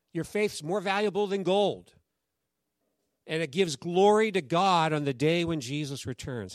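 A man's voice: a little high, no echo. A man preaching a sermon as pastor, telling a story and urging the congregation to respond. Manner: exhorting the congregation, lively call-and-response.

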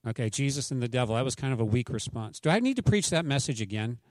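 A man's voice: medium pitch, sing-song, fast talker, a little mellow, no echo. A male pastor giving a casual, joking sermon with anecdotes and a prayer. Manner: chatty, joking, conversational.

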